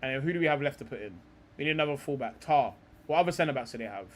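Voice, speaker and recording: A man's voice: mid-range voice, lively intonation, rapid-fire. A young man hosting a live stream, talking football in a rambling, heated way, swearing often and calling people bro.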